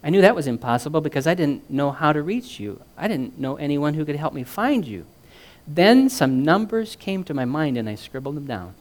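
A man's voice: fairly high pitch, very animated, normal speed. Desperate woman caller, read by a man: raised, pleading tone.

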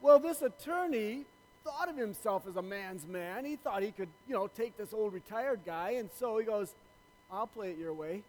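A man's voice: sits high, expressive, moderate pace, long reverb tail, low-quality recording. A man preaching a sermon to his church, telling a joke in a loose, conversational way with many fillers. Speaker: pastor.

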